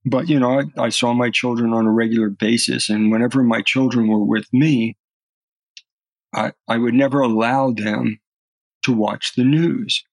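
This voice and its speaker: A man's voice: mid-range voice, steady tone, moderate pace, no echo, low-quality recording. A middle-aged man, a podcast guest, telling personal stories earnestly and often restarting his words. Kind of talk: earnest storytelling in conversation.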